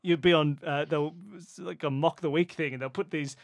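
A man's voice: a little high, steady tone, normal speed, gravelly, no echo. An Australian man co-hosting a podcast, chatting casually and explaining at length with asides. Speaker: podcast co-host. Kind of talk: casual chat.

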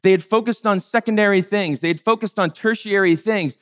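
Lively high-voiced male preacher. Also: fairly quick. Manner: conversational, wry, acts out the characters in playful higher voices. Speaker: pastor. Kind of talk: sermon.

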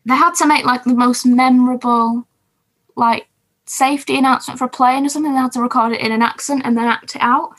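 A woman's voice: high-pitched, fairly even intonation, quick pace, rough recording. A woman co-hosting a podcast, recapping TV shows in casual, rambling chat and laughing often. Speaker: podcast co-host.

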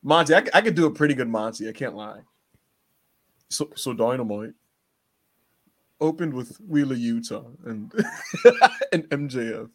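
A man co-hosting a casual wrestling podcast, joking, animated and laughing often. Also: mid-range voice, unhurried, pauses often. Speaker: podcast co-host.

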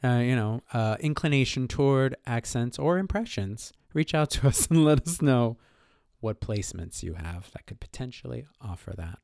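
Lively, gravelly-voiced man on a podcast. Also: medium pitch, normal speed, no room sound, clean studio sound. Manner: joking, laughs often. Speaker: podcast co-host. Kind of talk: casual chat about astrology.

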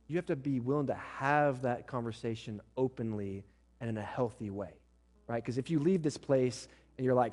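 A man's voice: a little high, brisk, a little mellow. Blunt joking male pastor preaching. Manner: blunt, joking asides, acts out spouses' lines. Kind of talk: sermon.

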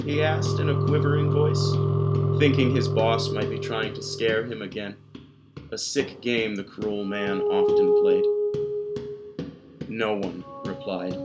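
A man narrating a dark horror story in a slow, measured storytelling voice. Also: medium pitch. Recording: loud guitar music behind the voice. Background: loud plucked guitar music.

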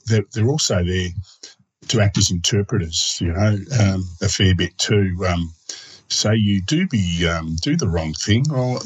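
A man's voice: low voice, breathy edge, rough recording. A man chatting casually on a podcast, talking in a loose way with many fillers. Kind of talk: casual panel chat.

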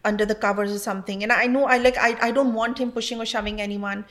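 A woman, a mother who is a guest on a podcast, tells a story in casual conversation, halting often with fillers and acting out what others said. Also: mid-range voice, fairly even intonation, a bit bright. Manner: halting, with many fillers and quoted dialogue.

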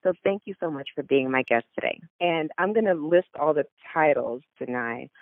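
A woman's voice: deep voice, lively intonation, normal speed, no echo, phone-quality sound. A woman hosting a podcast, introducing her guest with gushing, enthusiastic praise. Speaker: podcast host. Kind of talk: podcast interview.

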